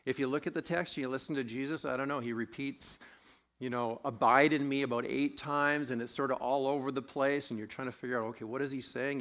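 A man's voice: mid-range voice, a bit bright. A man preaching a sermon, conversational and self-deprecating, with a sore throat, asking his congregation questions as he goes. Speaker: pastor.

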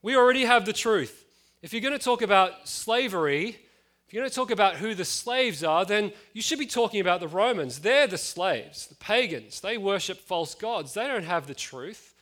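A man's voice: high voice, expressive, normal speed, a bit bright, pitched above the performer's own voice. A man putting on the voice of smug, self-righteous religious men boasting of their purity in a mocking tone.

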